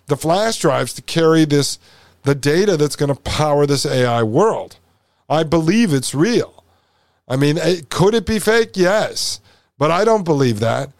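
A man's voice: a little high, no room sound, clean studio sound. A man hosting a podcast, commenting over a played video in an emphatic, insistent, repetitive way. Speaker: podcast host.

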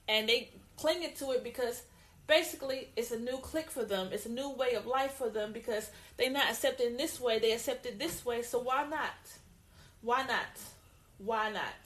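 A woman co-hosting a casual opinion talk, emphatic and repeating her points, with lively put-on greetings. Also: fairly high pitch, a little fast. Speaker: co-host.

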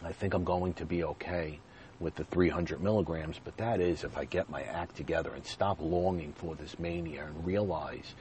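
A man's voice: deep voice, steady tone, normal speed, a little mellow, a little hiss or hum. A man hosting his own podcast, talking earnestly and directly to his listeners in repeated, plain phrases. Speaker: podcast host. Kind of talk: personal podcast monologue.

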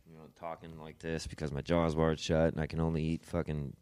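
Deep-voiced young man telling a hard story. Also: monotone, darkish tone, smooth, no room sound. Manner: halting, repeats words, swears casually. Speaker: podcast guest. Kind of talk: personal storytelling.

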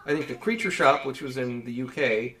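A man's voice: mid-range voice, a little fast, fairly bright tone, poor audio. A man co-hosting a casual chat, telling a long story with many fillers and restarts. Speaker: podcast co-host.

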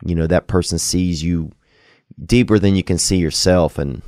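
Call-in host, man, very low voice, dry close sound, loose and crude but caring. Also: steady tone, normal speed, darkish tone, no room sound. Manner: loose, rambling, crude jokes with sincere advice. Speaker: podcast host taking calls. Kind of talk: casual call-in show chat.

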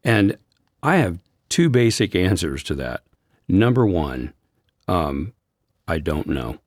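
Deep-voiced man, earnest and gentle. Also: very animated, slow, no echo, clean studio sound. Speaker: Christian counselor and podcast co-host. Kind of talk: reflective faith discussion.

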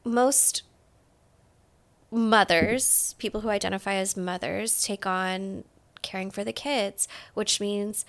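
A woman's voice: medium pitch, fairly even intonation, slow. A young adult woman co-hosting a casual podcast chat, blunt and swearing freely, rattling off long lists. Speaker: podcast co-host.

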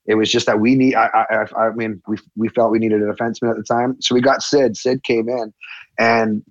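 A former hockey player telling a story in a casual chat, acting out the quotes with a raised voice. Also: male voice, on the low side, fairly quick, dry recording, dull audio. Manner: animated, acts out quotes with a raised voice.

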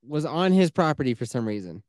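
A woman's voice: very deep voice, sing-song, a little fast, a little mellow, no room sound, clean studio sound. A woman co-hosting a casual podcast who chimes in with wry, teasing questions. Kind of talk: casual chat.

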